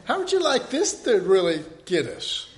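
A man teaching an informal Bible study, rambling and conversational, with many restarts, often dropping to a soft, earnest hush. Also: high voice, huge pitch swings, moderate pace.

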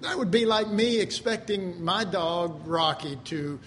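High-voiced, chatty male pastor. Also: unhurried, a bit bright, slight background noise. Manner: conversational, folksy preaching with stories and chuckles; acts out quoted voices. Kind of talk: sermon.

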